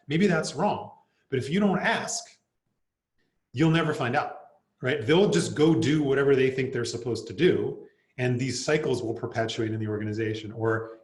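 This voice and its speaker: A man's voice: mid-range voice, normal speed. Man presenting in a roomy space. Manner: conversational, acts out quoted lines, tags "right?". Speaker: workshop presenter. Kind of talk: presenting a workshop talk. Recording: roomy echo.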